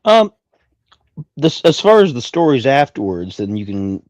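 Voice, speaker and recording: A man talking on a podcast in a dry, deadpan and sarcastic way. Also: mid-range voice, a little slow, dry recording. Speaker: podcast co-host. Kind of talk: casual chat.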